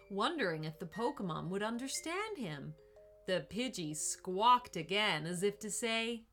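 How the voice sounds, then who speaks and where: A woman narrating a children's story with slow, expressive storytelling. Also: mid-range voice, faint music behind.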